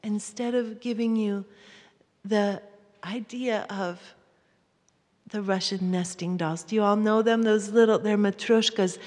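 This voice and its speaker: A woman giving a live talk to an audience, gentle and often dropping to a soft near-whisper. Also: medium pitch, fairly even intonation, unhurried. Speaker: workshop speaker. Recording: hall reverb.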